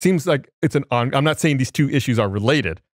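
A man's voice: medium pitch, expressive, brisk, dry recording, studio quality. A man co-hosting a podcast, explaining things step by step in casual chat. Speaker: podcast co-host.

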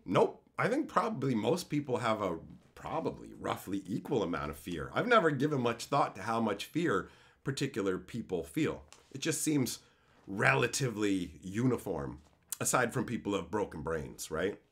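A man livestreams while reading chat, ranting bluntly and heatedly with plenty of swearing. His medium-pitched voice is very animated and a bit bright, moving at a moderate pace through this casual, profane rant.

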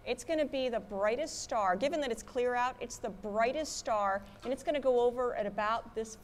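A woman from Massachusetts, an astronaut guest, chatting with an audience in a lively way and telling anecdotes. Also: on the high side, moderate pace, a little hiss or hum. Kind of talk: public talk answering audience questions. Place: museum auditorium.

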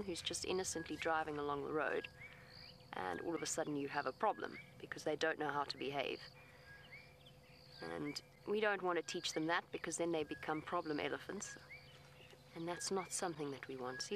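A woman speaks a little fast in a low-pitched, fairly bright voice, with slight background noise. Working as a safari guide outdoors in her vehicle, she coaxes an elephant soothingly and pleadingly, explaining its behavior plainly in live commentary to camera.

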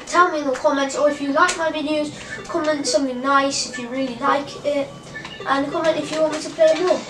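A woman giving excitable live gameplay commentary as a channel host, full of sudden exclamations. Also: sits high, fairly quick, over music. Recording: roomy, distant mic, loud game noise.

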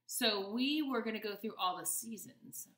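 A woman's voice: a little high, echoey room. A young woman reading a picture book aloud to children in a teacherly manner. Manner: slow, lively, teacherly. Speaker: children's story reader.

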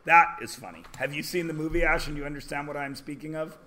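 A man teaching a high school math class, joking as he lectures. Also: bright, forceful tone, a little hiss or hum. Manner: joking, drawn-out teacherly questions.

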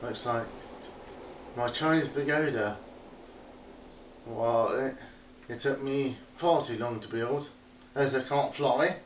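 A man gives a chatty, rambling narrated tour of his game world, calling playfully to his animals along the way. His mid-range voice is slow, with frequent pauses and slight background noise. It's an echoey phone recording captured from a distance.

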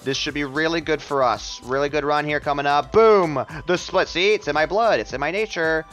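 A young man streaming a speedrun, chatting to his viewers in an excitable, jokey and self-mocking way. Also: on the high side, a little fast, soft background music. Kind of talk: live gameplay commentary to chat.

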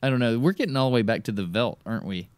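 A man, an excitable podcast host eagerly explaining things in casual chat. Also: mid-range voice, racing, smooth, no echo, studio quality.

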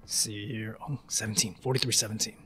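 A man giving casual commentary on a horror game playthrough. He curses a lot and jokes, and at times he taunts the game's monster in a loud, high voice. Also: fairly even intonation, fast talker, a little hiss or hum. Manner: profane, taunting, joking. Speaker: gaming YouTuber. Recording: game music behind the voice.

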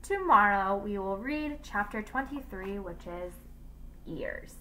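A woman teacher reading a storybook aloud in a lively, expressive way. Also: medium pitch, slow, a little hiss or hum, poor audio.

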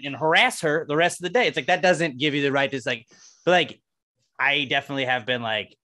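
Man, podcast co-host, slightly high voice, bright forceful tone, loose rambling chat, mimics other people's voices. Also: fairly quick. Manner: loose, rambling talk, often acting out quoted voices. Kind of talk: casual chat.

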